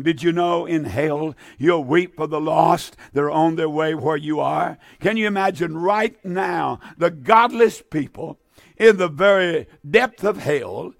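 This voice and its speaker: A man's voice: a little high, unhurried, vocal fry, dry recording, clean studio sound. A man preaching a fiery sermon, addressing listeners directly, repeating phrases and restarting his sentences.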